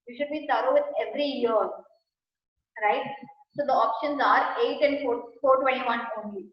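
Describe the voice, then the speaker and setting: A woman with an Indian English accent teaches exam questions, repeating each answer and checking in with her listeners as she goes. Her voice sits a little high. The recording is very roomy and dull, with a muffled, lo-fi sound. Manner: patient, repeats key answers, frequent "right?" and "you know". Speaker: exam tutor. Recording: echoey room, dull lo-fi sound.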